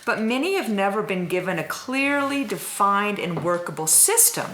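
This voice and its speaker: A woman's voice: medium pitch, sing-song, normal speed, fairly bright tone, roomy sound, slight background noise. A woman hosting a talk show, asking questions and prompting her guest with short affirmations. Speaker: interviewer host.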